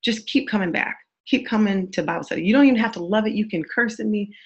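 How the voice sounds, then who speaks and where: A woman's voice: mid-range voice, fast. Woman, therapist, webinar teaching talk, earnest and affirming, lo-fi sound. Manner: earnest, affirming, repetitive phrasing. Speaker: therapist and church speaker. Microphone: webinar microphone.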